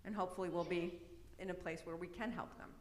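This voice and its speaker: Woman, middle-aged, lower voice, chatty workshop presenter, roomy hall with long reverb. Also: steady tone, fast. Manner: chatty, peppers talk with "right?" and "um". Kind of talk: informal presentation. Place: large church hall. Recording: echoey hall with long reverb, faint noise.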